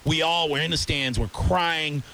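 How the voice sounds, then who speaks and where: A man's voice: a little high, steady tone, measured pace, bright, forceful tone, slight background noise. A man hosting a sports talk show, ranting heatedly about rival fans. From Tampa area. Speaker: radio show host.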